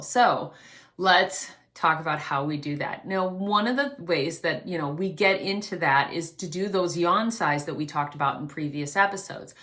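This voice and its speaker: A woman vocal coach teaching an online singing lesson, explaining calmly and demonstrating quiet breaths. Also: fairly low pitch. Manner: gently instructive, demonstrates breaths.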